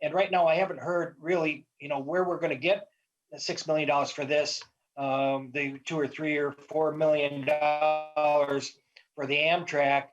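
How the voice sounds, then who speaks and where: A man, a state legislator, giving measured, cautionary remarks in a committee hearing, with hesitant restarts. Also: a little high, flat delivery, soft background music. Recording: dull, lo-fi audio.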